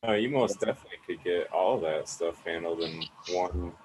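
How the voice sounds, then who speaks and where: Really deep guy on a call, chill and sure of himself, bit of hiss. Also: moderate pace, a little mellow, low-quality recording. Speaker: guest on a live stream. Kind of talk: casual chat.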